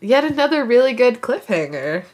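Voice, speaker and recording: Woman co-host, high lively voice, quick to laugh. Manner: laughs often, animated. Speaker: podcast co-host. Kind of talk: casual chat.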